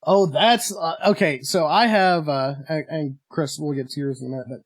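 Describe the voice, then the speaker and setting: A man hosting a podcast in casual chat, excitable and full of halting fillers and laughter. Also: fairly high pitch, dry recording. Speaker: podcast host.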